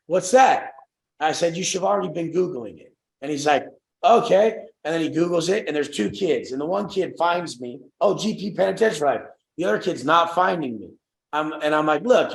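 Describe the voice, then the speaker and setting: A man's voice: a little high, gravelly, echoey room, low-quality recording. A young man hosting a group coaching call, brash and swearing, acting out the voices of people he quotes.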